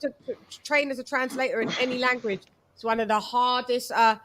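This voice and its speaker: A woman's voice: a little high, fairly quick, noisy background. A British woman with a British Jamaican accent hosting a casual boxing chat stream, talking animatedly and swearing freely. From Britain. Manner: swears freely, animated, breaks into sung snippets. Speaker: host.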